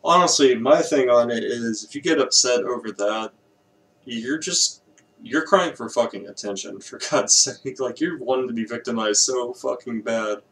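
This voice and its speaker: A man's voice: medium pitch, moderate pace, fairly bright tone. A man hosting a reaction video, ranting bluntly with lots of swearing. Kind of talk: casual reaction commentary.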